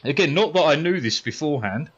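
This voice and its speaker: A British man, a game streamer, telling a story casually with heavy swearing and animated retelling. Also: fairly high pitch, fast, slightly rough, dull audio. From United Kingdom. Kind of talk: casual storytelling while gaming.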